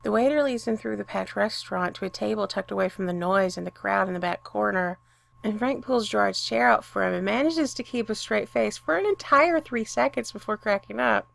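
A woman narrating a romantic story aloud, expressive and unhurried. Her voice is full of deep vocal fry, with a mid-range pitch. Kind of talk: reading fan fiction aloud.

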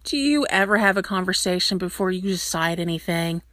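A woman reading aloud and voicing a gruff, awkward young werewolf man who grumbles reluctantly. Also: fairly low pitch, expressive, fairly quick, fairly bright tone, no echo. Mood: gruff grumbling.

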